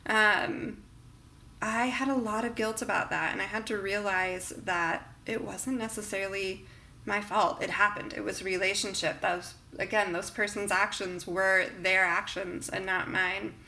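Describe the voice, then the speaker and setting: Bright-voiced woman, earnest vlog talk. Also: medium pitch, fairly even intonation, measured pace, a little hiss or hum. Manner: earnest, reflective, many fillers. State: emotional near the end. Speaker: vlogger.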